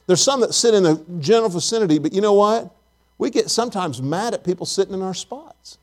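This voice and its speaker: A man's voice: sits high, lively intonation, fairly quick. A man preaching a sermon in a church auditorium, emphatic, repeating phrases and putting questions to the congregation.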